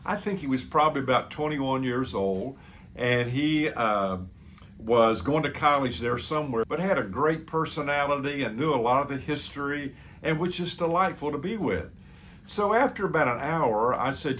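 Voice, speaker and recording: A man's voice: mid-range voice, normal speed, fairly bright tone, slight background noise. A man speaking as a pastor, earnestly telling a story in a sermon and quoting what he said to someone. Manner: earnest, quoting his own words to others.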